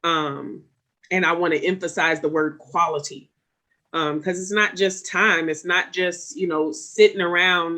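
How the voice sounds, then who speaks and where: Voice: mid-range voice, steady tone, measured pace, bright, forceful tone. A panel moderator giving closing remarks on a live online panel, rambling with many fillers and restarts.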